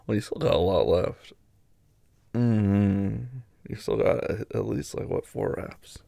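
A young man in intimate audio role-play, talking in a low murmur that often drops to a breathy whisper, close to the mic. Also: measured pace, dark tone, dry recording. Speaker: adult audio performer.

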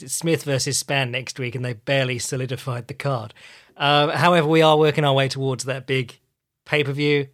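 A man's voice: mid-range voice, a bit bright. A man with a posh English accent hosting a casual solo podcast, chatty and swearing casually. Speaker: podcast host.

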